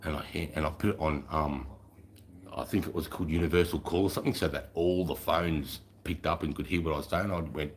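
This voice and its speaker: A man with a very low voice tells a crude, boastful story full of swearing. His delivery is casual and swaggering, like a rowdy anecdote told among mates. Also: fairly even intonation, a little fast.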